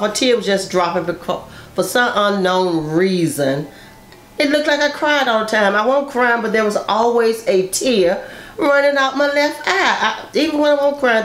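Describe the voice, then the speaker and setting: Older mother recounting a family story, lowish voice, roomy echo. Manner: emotional, acts out quoted voices. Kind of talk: personal storytelling. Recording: echoey room.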